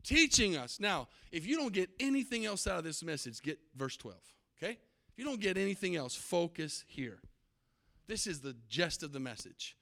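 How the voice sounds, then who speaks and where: A man preaching a sermon, emphatic, repeating key words and building to loud climaxes. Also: high voice, sing-song, moderate pace, gravelly. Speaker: pastor.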